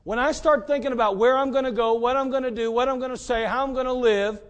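A man's voice: very high-pitched, steady tone, fast talker. A middle-aged male pastor preaching a sermon in a folksy way, with joking asides and repeated rhetorical questions.

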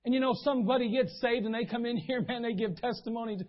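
A man with a high, husky voice preaches to his congregation, spinning folksy stories and briefly acting out the people he quotes. The recording sounds dull and muffled. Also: fast talker. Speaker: pastor. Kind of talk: sermon. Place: church sanctuary.

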